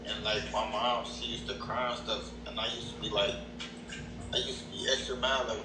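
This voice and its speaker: A man from Cleveland on a video call, telling his story haltingly with many restarts. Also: lowish voice, steady tone. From Cleveland, Ohio. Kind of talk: casual storytelling. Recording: distant echoey video call audio with noise.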